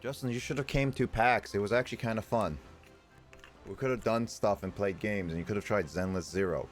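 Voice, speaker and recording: A man's voice: fairly low pitch, fairly quick, faint music behind. A young man streaming a game, chatting casually and rambling between reading lines aloud. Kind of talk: casual let's-play commentary.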